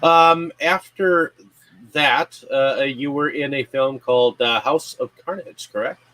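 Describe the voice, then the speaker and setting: Low-key male interviewer. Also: slow, bright, forceful tone, low-quality recording. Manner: brief prompts and backchannels. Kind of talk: interview questions.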